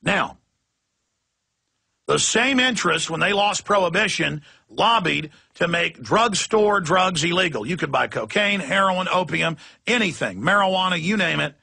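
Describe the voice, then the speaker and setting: A man's voice: sits high, expressive, measured pace, vocal fry, bright, forceful tone, slightly rough. A man hosting a radio talk show, delivering an impassioned, ranting monologue and acting out quoted voices.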